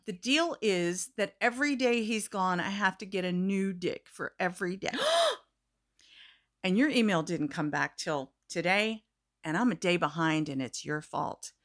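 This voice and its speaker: A woman telling a bawdy story in casual chat, animated and acting out the voices of the people in it. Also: mid-range voice. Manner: animated, acts out quoted voices, laughs often. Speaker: storyteller guest.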